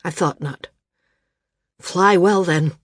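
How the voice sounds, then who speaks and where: A sad, gentle male healer, read by a woman narrator in a storybook. He speaks softly and sorrowfully. Low voice, dry close sound. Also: slow pace, breathy edge, no room sound. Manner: soft, sorrowful.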